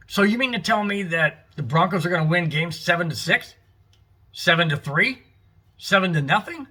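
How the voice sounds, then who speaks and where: A man's voice: high voice, expressive, normal speed, pushed and bright. A middle-aged man hosting a fan show, delivering an angry, frustrated, emphatic sports rant. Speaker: fan podcast host.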